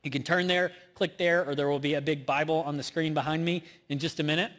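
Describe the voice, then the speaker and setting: Preaching in a church auditorium, a Southern US man delivers his sermon fast, conversationally, and with self-deprecating humor. His voice runs somewhat high and a bit bright with fairly even intonation, echoing in the large hall's long reverb.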